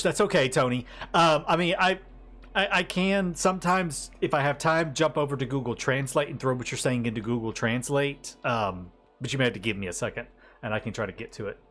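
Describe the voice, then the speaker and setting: Casual American streamer with a lilt, rambling and friendly, faint music underneath. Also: male voice, medium pitch, fairly bright tone. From United States. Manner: chatty, rambling, greets viewers, laughs often. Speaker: livestreamer. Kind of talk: casual live-stream chat.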